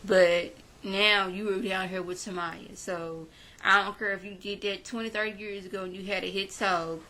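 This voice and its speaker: Chatty woman recapping with a gravelly edge. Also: medium pitch, pushed and bright, low-quality recording. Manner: chatty, opinionated, talks straight to viewers. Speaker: reality show recapper. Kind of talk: casual recap talk with quoted paraphrases.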